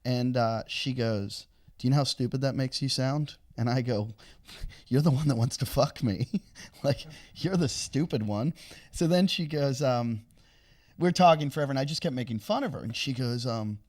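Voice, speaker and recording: A man's voice: mid-range voice, moderate pace, a little mellow. A man who does stand-up comedy and co-hosts a podcast, telling a long crude anecdote in a rambling, casual way. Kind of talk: casual storytelling chat.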